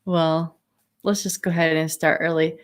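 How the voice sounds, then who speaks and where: A woman's voice: sits low, little pitch movement, normal speed, slight background noise. A woman hosting a casual livestream chat over a video call, rambling with fillers and giggles. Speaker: host.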